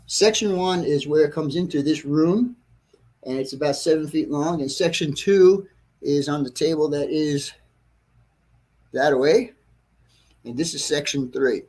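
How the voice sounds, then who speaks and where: A man hosting a casual livestream about his model railroad, rambling and correcting himself, clearing his throat often, frustrated with a problem. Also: on the high side, slow, pauses often, darkish tone. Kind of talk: casual livestream chat to viewers. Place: train layout room at home.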